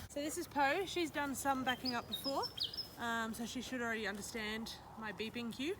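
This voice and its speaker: A woman dog trainer who calmly explains a trick, then praises her dog in a high sing-song voice. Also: normal speed, very noisy. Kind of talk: casual training demonstration. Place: outdoors or open training space with a dog.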